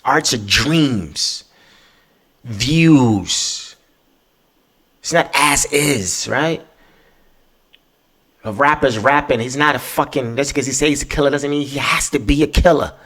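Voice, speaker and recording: Hombre hablando sin filtro, muy malhablado. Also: male voice, mid-range voice, takes it slowly, pauses often, fairly bright tone, slightly rough. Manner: profane, emphatic, repeats "right?". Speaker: podcast host. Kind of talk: casual monologue.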